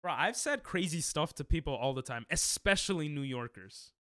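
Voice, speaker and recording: A man's voice: fairly high pitch, lively intonation, moderate pace, fairly bright tone, dry recording, clean studio sound. A male streamer in casual chat with his viewers, defensive and laughing, rambling with restarts.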